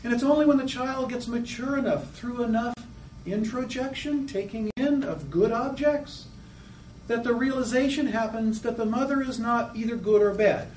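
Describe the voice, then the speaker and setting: A man gives a lecture in a high, animated voice and slips into little acted-out voices of children to make his points. The sound is roomy and echoey. He is set back from the microphone, with a faint hum of room noise behind him. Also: moderate pace. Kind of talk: lecture on psychoanalytic theory. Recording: echoey room, mic at a distance.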